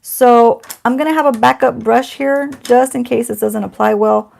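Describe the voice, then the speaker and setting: A woman's voice: fairly high pitch, fairly even intonation, normal speed, creaky, darkish tone. A middle-aged woman doing a casual beauty unboxing at home, chatty and self-teasing, talking to the camera and to someone off camera. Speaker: beauty vlogger.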